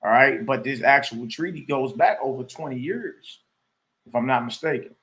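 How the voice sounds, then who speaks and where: A man's voice: mid-range voice, normal speed, fairly bright tone. A man hosting a live stream, chatting casually and reading a document aloud with loose asides.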